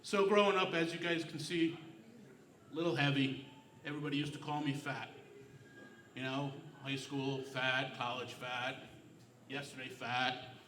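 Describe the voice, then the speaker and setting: A middle-aged man doing a stand-up comedy set on a club stage, telling deadpan, self-mocking stories. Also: on the high side, reverberant, recorded from a distance, slight background noise. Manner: deadpan storytelling, self-mocking one-liners.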